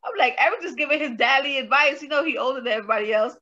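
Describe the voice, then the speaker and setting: A woman vents and retells scenes with animated exasperation in a casual co-hosted chat. Her voice is high and bright. The recording sounds dull and lo-fi. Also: rapid-fire. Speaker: co-host reviewing a reality show.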